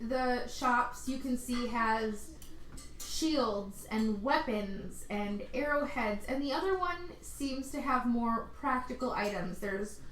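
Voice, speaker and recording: A woman's voice: a little high, slow pace, a bit bright. A woman narrating a tabletop game as game master, hesitant and full of fillers, recorded in a roomy space from a distance. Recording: roomy room mic, far off, faint noise.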